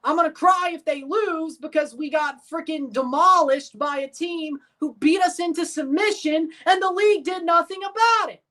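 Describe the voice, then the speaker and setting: High-voiced woman ranting profanely. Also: normal speed, few pauses. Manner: sarcastic, bursts into shouting. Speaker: sports watchalong streamer. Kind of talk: live sports reaction rant.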